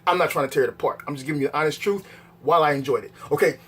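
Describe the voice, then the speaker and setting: A man with a husky voice talking through a film review in a casual, rambling way, with slang, swearing and repeated checks on whether the viewer follows him. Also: on the high side, racing, fairly bright tone. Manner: rambling and conversational, repeats words, asks the viewer "you dig what I'm saying?".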